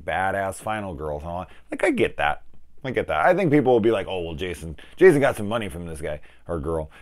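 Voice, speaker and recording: A man in his forties reviews a film in a loose, rambling way, swearing freely and acting out scenes as he retells them. His voice sits very low. The sound is close and dry, with no room around it. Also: dry recording. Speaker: film review channel host. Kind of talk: casual spoken film review.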